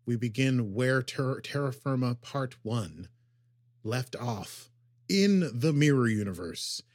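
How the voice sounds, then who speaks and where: A man co-hosting a podcast, casually recapping an episode with lots of fillers and quick acted quotes. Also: medium pitch, expressive, dry recording, clean studio sound. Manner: rambling, filler-heavy summarizing with acted quotes. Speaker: podcast co-host.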